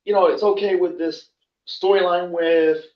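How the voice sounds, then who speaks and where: A man talks casually on his own wrestling show, halting often and restarting his sentences. His voice sits high for a man. It comes from a bit back in an echoey room, on dull, lo-fi audio. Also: steady tone, far from the mic. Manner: halting, many fillers and restarts. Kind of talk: casual solo commentary.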